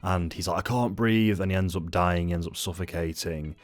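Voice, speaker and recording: A man's voice: sits low, level tone, brisk. A man angrily ranting through an unscripted film review, swearing often and rambling. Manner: angry, profane, rambling. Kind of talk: unscripted rant-style review.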